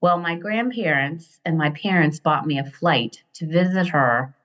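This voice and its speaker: An American woman in her fifties from Ohio, a guest telling stories in a casual interview, animated and digressive, often laughing. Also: sits low, measured pace. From Ohio, USA. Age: 50s. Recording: dull lo-fi sound.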